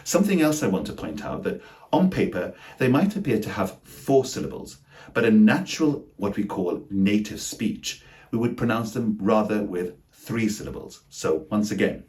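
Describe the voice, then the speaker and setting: Low-voiced man teaching pronunciation. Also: expressive, darkish tone. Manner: slow, deliberate, over-articulated example words. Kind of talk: scripted pronunciation lesson.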